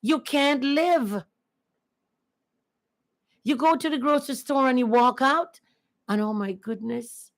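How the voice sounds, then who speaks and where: A woman's voice: high voice, slow, long pauses. A woman chatting casually and earnestly on her first livestream, repeating herself often. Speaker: livestream host.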